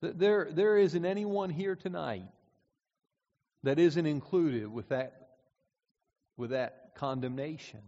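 A man preaching a sermon, measured and deliberate, slowing down to stress key words. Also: on the high side, mellow. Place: church auditorium. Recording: dull recording in a reverberant hall.

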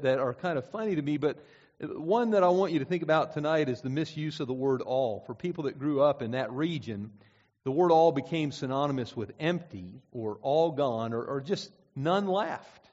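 A man from central Pennsylvania preaching a sermon, telling folksy stories with frequent restarts and "uh"s. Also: on the high side. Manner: folksy storytelling with many restarts and "uh"s. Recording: dull sound with long hall reverb.

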